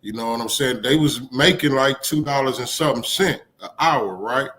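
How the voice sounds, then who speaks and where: A man's voice: medium pitch, normal speed, a bit bright. A man co-hosting a casual live-stream chat, laid-back and rambling, with frequent swearing.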